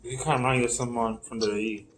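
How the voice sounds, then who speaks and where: A man of middle pitch joining a podcast panel. He talks in a casual, halting way, restarting and repeating words as he makes his point. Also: steady tone, fairly bright tone, slight background noise. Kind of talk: casual chat.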